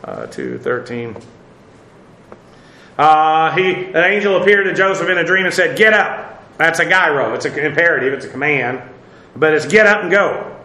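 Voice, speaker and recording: Bright-voiced man teaching scripture. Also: fairly high pitch, expressive, moderate pace, echoey room, low-quality recording. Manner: conversational, many fillers, wry asides. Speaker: Bible teacher. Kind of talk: verse-by-verse Bible teaching.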